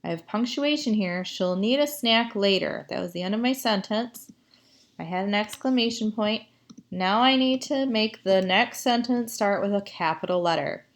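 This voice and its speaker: A woman teacher giving a writing lesson, reading sentences aloud and asking the class what to fix. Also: medium pitch. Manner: slow, explaining, asks the class questions.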